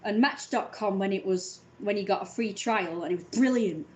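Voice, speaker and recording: A woman's voice: mid-range voice, normal speed, slight background noise, rough recording. A woman in her thirties in a casual, sweary vlog rant, wry and self-mocking and often laughing. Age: 30s.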